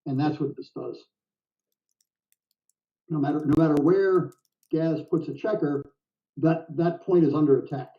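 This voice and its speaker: Older guy doing chatty jokey game commentary, kinda high voice, muffled lo-fi sound. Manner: chatty, jokey, quick to laugh. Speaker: backgammon commentator. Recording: dull, distant sound.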